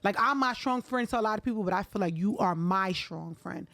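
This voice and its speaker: A woman's voice: medium pitch, fairly quick, a bit bright, no echo. A woman hosting an interview, talking to a friend in a casual, supportive, slangy way. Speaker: podcast host and friend.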